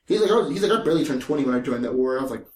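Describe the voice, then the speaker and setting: Animated swearing male storyteller, echoey room. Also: medium pitch, racing. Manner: animated storyteller, swears freely, acts out quotes. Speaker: podcast co-host. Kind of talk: casual chat.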